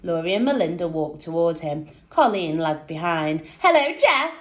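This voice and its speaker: A woman teacher reading a children's book aloud with lively storytelling. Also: low-pitched, normal speed, echoey room, poor audio.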